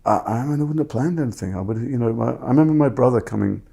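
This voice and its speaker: A man's voice: mid-range voice, fast, vocal fry, mellow. A middle-aged man, a guest actor talking reflectively and self-deprecatingly, often restarting his sentences. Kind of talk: reflective interview talk.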